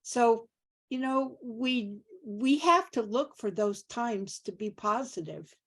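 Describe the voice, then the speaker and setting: A woman's voice: on the high side, slow. A woman in an online Q&A over a video call, telling a personal story in an enthusiastic, devout way and acting out what people said. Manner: enthusiastic, devout, acts out quoted dialogue. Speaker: audience member.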